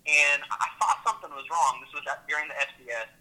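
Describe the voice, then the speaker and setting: A man, a teacher, telling a faith story with lively repeats and restarts. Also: a little high, fast, poor audio. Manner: animated, repeats words and restarts. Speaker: teacher and Christian club leader.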